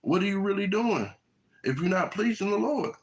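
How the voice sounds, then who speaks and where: A man's voice: sits high, lively intonation, normal speed, rough recording. A man preaching a sermon outdoors in the heat, often checking in with the crowd by asking "right?". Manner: preaching with frequent "right?" tags. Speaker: street preacher. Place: outdoors in hot weather.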